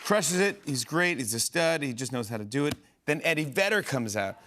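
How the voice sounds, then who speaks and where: Excitable talk show host telling stories. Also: male voice, a little high, some chatter behind. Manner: excited, rambling anecdotes with fillers and quick impressions. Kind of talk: animated storytelling on a talk show. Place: television studio.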